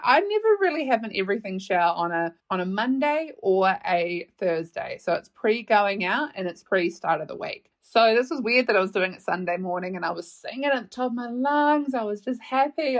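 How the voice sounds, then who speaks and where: Young kiwi woman rambling through a story on her podcast, laughs a lot, swears a bit, mid pitched. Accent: New Zealand. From New Zealand. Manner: chatty, laughs often, swears freely. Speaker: podcast host. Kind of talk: casual storytelling monologue.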